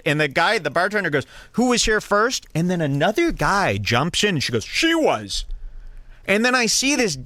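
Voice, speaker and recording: A man's voice: fairly high pitch, no room sound. A man co-hosting a podcast, telling a comic story and acting out the people in it. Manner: animated, mimics people in stories. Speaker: podcast co-host. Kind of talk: casual comedic storytelling.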